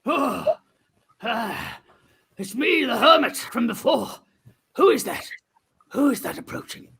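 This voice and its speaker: A man's voice: very high-pitched, animated, takes it slowly, creaky, fairly bright tone, slight background noise, full character voice. A man voicing a sly, sinister old hermit who lures people in and summons storms, in an improvised comedy scene. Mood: wary. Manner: wheedling, sly.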